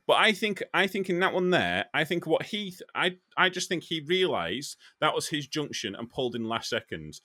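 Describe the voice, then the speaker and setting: A man's voice: fairly high pitch, very animated, moderate pace, few pauses, sharp tone, no echo, clean studio sound. A man, a professional driver from England, explaining a road incident in casual chat with many stammered restarts.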